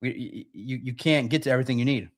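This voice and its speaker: A young adult man hosting a live sports podcast, talking in an animated, rapid-fire way and restarting his sentences often. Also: mid-range voice. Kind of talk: live-stream sports commentary.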